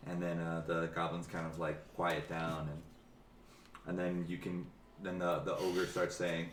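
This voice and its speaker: Casual: guy running a dnd game, low voice, roomy echo, faint music. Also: flat delivery, unhurried, slight background noise. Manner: rambling, restarts often. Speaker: dungeon master. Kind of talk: narrating a tabletop game.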